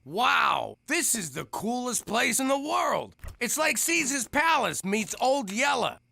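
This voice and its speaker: Brief: high, raspy-edged wisecracking cartoon mobster, swings all over in pitch. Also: male voice, very animated, slow pace, sharp tone, exaggerated voice. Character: brash, blundering male mobster in hiding. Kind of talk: animated sitcom voice acting.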